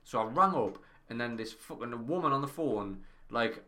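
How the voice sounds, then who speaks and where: A man, co-hosting a podcast and telling an animated, sweary anecdote in casual chat. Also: mid-range voice, moderate pace. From Northern England. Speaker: podcast co-host.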